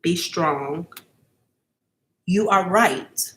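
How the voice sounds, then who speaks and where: A woman's voice: lowish voice, drawn-out words, fairly bright tone. A woman giving a live-streamed psychic reading to her viewers. She talks casually and emphatically, keeps checking in with "okay?", and is earnest and openly emotional. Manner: emotional, earnest, at times near tears. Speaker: psychic reader.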